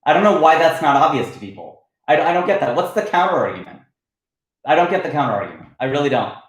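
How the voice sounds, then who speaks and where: A man's voice: on the high side, big pitch swings, quick pace, heavy reverb, rough recording. A man from Ohio hosting a comedy livestream, arguing animatedly and answering chat comments. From United States, Ohio. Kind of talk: casual livestream rant.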